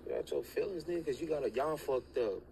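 A man's voice: fairly high pitch, lively intonation, fast, gravelly. Man, heated casual rant, swears a lot, in a car, noisy clip. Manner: blunt, heated, swears freely. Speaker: boyfriend in a filmed car clip. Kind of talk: casual ranting chat. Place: inside a car at night. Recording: car clip with loud background ambience.

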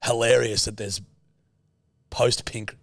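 A man's voice: medium pitch, little pitch movement, takes it slowly, vocal fry, no echo. A young Australian man co-hosting a podcast, telling a rambling anecdote in casual chat and swearing a lot. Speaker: podcast co-host.

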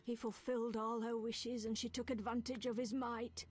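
An actress voicing a solemn old female fortune-teller in a video game, telling a tale slowly and gravely. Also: a little high, little pitch movement, no room sound, lightly acted. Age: older. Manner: slow, solemn storytelling.

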